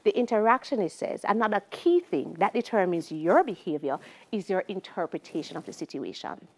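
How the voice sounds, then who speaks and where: A middle-aged Jamaican woman teaching a sociology exam-prep lecture. She talks in a lively way and slips into patois when she tells stories. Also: mid-range voice, fairly quick. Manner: lively, shifts into patois for anecdotes.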